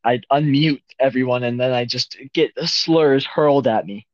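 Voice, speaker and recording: A man's voice: medium pitch, normal speed, dry recording. A young man co-hosting a casual podcast, joking and rambling between silly bits. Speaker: podcast co-host. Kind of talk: casual chat. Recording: dull lo-fi mic.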